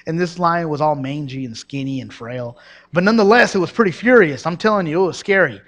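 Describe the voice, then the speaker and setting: A young man delivers a lively sermon in a slightly raised voice. He tells stories from his childhood in Mexico, stumbles and restarts, and turns to the people in the pews with asides. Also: a little high, fast talker. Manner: energetic, storytelling, with many restarts and asides to the congregation. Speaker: preacher.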